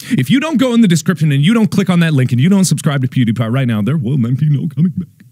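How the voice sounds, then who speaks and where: A man's voice: fairly high pitch, lively intonation, quick pace, slightly rough, no room sound. Over-the-top dramatic young man. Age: 20s. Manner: over-the-top solemn, swinging between hushed and shouted. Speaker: YouTuber. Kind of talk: mock-dramatic plea to viewers.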